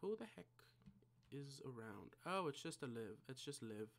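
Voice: medium pitch, lively intonation, moderate pace, vocal fry. A gaming channel creator giving casual gameplay commentary, mumbling and thinking aloud to themself at a desk mic.

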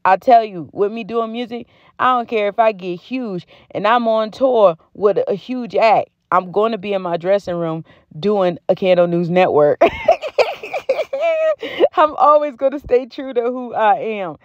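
Speaking in a mid-range voice at a slightly slow pace, this US-based beauty and home-goods vlogger talks straight to her audience in a relaxed, slangy way about bargains and her personal life. The sound has no room echo and comes across dry and somewhat muffled.

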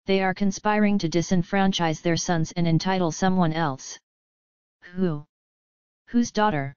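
A woman's voice: fairly low pitch, a little slow, a little mellow, clear, resonant tone, no echo, close to an everyday voice. A woman voicing a bold, anxious young princess questioning her father in an audiobook, urgent and questioning. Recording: slightly dull lo-fi audio.

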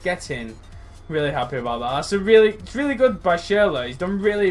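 A young gaming YouTuber gives live commentary on a football video game match he is playing himself. He's excitable, yelling encouragement and groaning at his players, and his voice leaps sharply higher whenever a chance opens up.

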